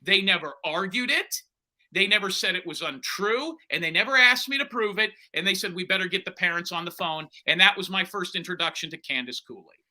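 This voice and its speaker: A man's voice: sits high, animated, a little fast, sharp tone. A man working as a private investigator, telling his story bluntly in an interview and acting out the dialogue he quotes.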